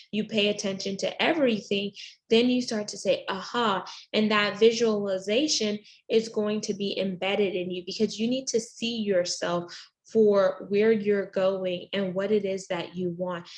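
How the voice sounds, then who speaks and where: A woman life coach, a podcast guest, explaining mindset exercises in a motivational, affirming way. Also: mid-range voice.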